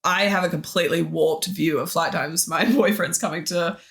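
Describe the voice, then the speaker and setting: A woman's voice: fairly low pitch, fairly even intonation, moderate pace, creaky, a bit bright. A woman with an Australian accent, a historian guest in a podcast interview, talking with witty, dry humor. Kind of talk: casual interview chat.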